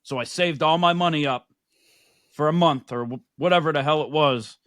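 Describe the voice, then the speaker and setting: A man's voice: on the high side, moderate pace, a bit bright, no echo, clean studio sound. A man co-hosting a podcast, telling stories in casual chat, joking and crude. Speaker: podcast co-host.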